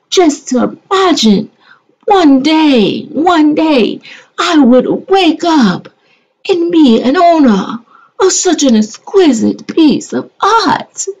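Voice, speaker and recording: A melodramatic narrator gushes in a raised, quavering voice, as a woman puts her on. The delivery is theatrical and sobbing, slow and gravelly underneath. The recording sounds dull and lo-fi. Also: sits high, darkish tone, voice pushed up, exaggerated voice. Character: melodramatic gushing woman doing a tearful, over-the-top voice-over.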